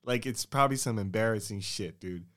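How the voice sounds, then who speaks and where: A man's voice: on the low side, a little fast, a bit bright. A man co-hosting a podcast in loose, profane, joking casual chat. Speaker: podcast co-host.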